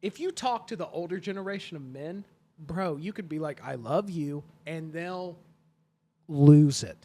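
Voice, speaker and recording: A man's voice: a little high, moderate pace. A young man co-hosting a podcast, bantering casually with friends and acting out stories with laughter. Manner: animated, laughing, acts out stories. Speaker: podcast co-host.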